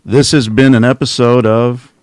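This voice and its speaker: A man's voice: mid-range voice, level tone, normal speed, clear, resonant tone, no echo. A middle-aged man hosting a casual livestream, rambling and sarcastic as he mocks someone from his home office. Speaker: channel host.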